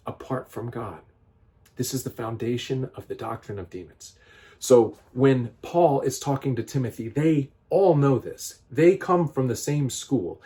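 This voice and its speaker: A man reading scripture aloud and explaining it in an earnest, critical commentary, pausing often and restarting his sentences. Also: medium pitch, mellow. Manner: reads scripture aloud, then explains it with many restarts and fillers. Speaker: vlogger giving political commentary.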